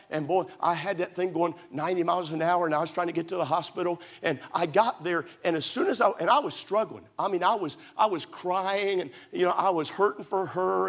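Middle-aged preacher, fairly high voice, emphatic and repetitive, story-driven sermon delivery. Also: male voice. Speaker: pastor.

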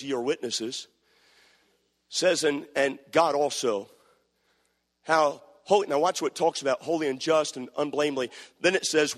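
A male preacher telling a story in a sermon, with folksy repetitions that rise to shouting. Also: a little high. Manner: folksy storytelling, repeats words, builds to shouting. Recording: long church hall reverb.

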